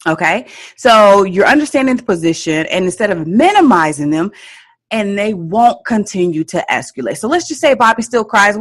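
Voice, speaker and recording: A woman's voice: mid-range voice, very animated, moderate pace. A woman hosting a parenting podcast, giving emphatic coaching advice and checking in with "okay?" often. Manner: emphatic, repeats key points with frequent "okay?" check-ins.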